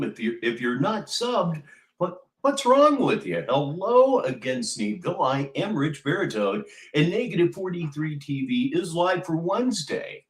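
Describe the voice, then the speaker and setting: Male streamer host, wry and mocking, lively pitch swings, echoey room. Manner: wry, mocking, deliberate delivery. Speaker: livestream host. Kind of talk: commentary livestream.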